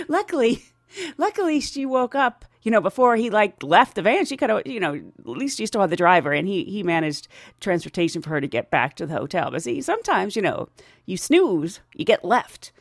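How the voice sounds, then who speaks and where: A woman's voice: mid-range voice, moderate pace, no room sound, studio quality. A middle-aged woman, a podcast host and flight attendant, telling funny travel stories casually, laughing often and acting out the people in them. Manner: animated, laughs often, acts out quoted voices. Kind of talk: casual storytelling.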